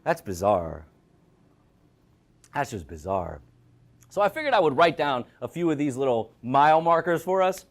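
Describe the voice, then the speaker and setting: A man's voice: fairly high pitch, big pitch swings, moderate pace, long pauses. A male teacher giving a classroom Bible lesson, thinking aloud and reacting to the class.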